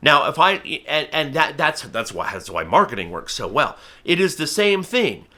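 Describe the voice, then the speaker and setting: A man's voice: fairly high pitch, normal speed. A man teaching how to train a falcon to hop to the fist, talking to camera with emphatic energy. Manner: energetic, emphatic, acts out bird and viewer voices. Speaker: falconry instructor. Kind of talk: instructional talk to camera.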